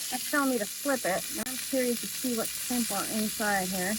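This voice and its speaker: A woman's voice: a little high, a little fast, background noise. A woman hosting a casual cooking vlog outdoors, chatting and thinking aloud as she cooks. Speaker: cooking vlogger. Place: outdoors by a camper.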